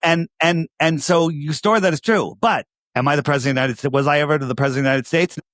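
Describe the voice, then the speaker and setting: A man's voice: fairly high pitch, quick pace, a bit bright, dry recording, clean studio sound. A man with a New York accent, a podcast guest talking emphatically, repeating himself and firing rhetorical questions. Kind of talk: casual interview talk.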